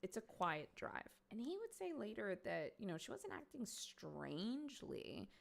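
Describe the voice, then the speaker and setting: A woman's voice: medium pitch, huge pitch swings, a little slow, creaky. A woman casually recounting a true crime case to her audience, chatty and emphatic, dropping the odd swear word. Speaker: streamer host.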